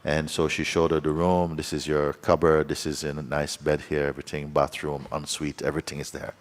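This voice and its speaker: A man with a very low voice leads a satsang as a spiritual teacher. He tells a story and acts out its people's voices in quoted dialogue, chuckling now and then. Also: level tone, fairly quick. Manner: chuckles while telling.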